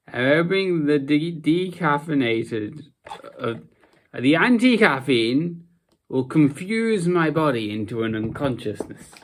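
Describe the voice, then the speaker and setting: A sleep-deprived young vlogger chats casually, rambling along in a slow drawl. His mid-pitched voice rises and falls widely, dropping into drowsy mumbles before jumping into sudden animated bursts.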